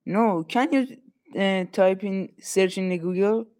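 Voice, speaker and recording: Halting teenage caller from Iran. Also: male voice, high-pitched, darkish tone. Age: teens. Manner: halting, searching for words. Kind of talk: casual call-in chat. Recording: call audio breaking up.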